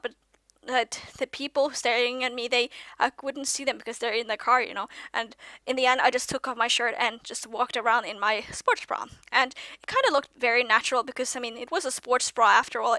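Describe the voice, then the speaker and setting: Rambling young woman, bright voice. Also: high-pitched, no room sound. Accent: mixed British-leaning English accent. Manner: rambling, self-correcting, drifts off topic. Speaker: vlogger. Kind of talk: casual confessional vlog monologue.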